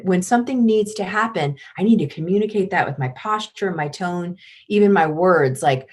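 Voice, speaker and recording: A woman with a lower voice talks as a podcast guest, explaining and then acting out little scenes. She is animated and expressive, shifting her voice as she goes. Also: normal speed. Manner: animated, acts out examples. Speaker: guest, parenting expert. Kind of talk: podcast conversation.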